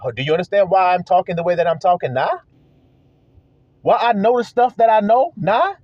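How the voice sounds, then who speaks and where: A man's voice: high voice, lively intonation, fairly quick, dry recording. A man preaching a confrontational, profane monologue, hammering his listeners with rhetorical questions. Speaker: self-styled preacher. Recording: dull lo-fi sound.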